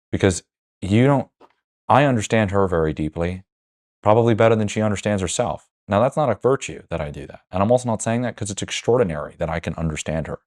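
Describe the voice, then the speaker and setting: A man's voice: on the low side, warm tone. A man hosting a podcast, talking candidly with guests, blunt and swearing freely. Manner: blunt, swears freely, acts out quoted dialogue. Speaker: podcast host.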